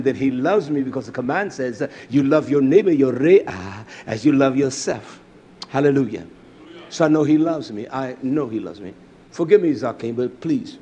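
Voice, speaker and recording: A middle-aged man preaching a fiery, blunt sermon, who jumps from shouted lines to low mutters. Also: expressive, normal speed, breathy edge.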